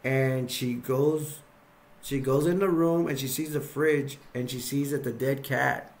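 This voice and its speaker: Steady and measured, a man in a mid-range voice casually recounts film scenes for a video review. His retelling wanders, packed with fillers, and he performs the characters' dialogue.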